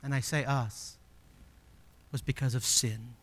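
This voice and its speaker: A male pastor preaching a sermon, emphatic, swinging between loud exclamations and hushed, slowed asides. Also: medium pitch, steady tone, big-room sound.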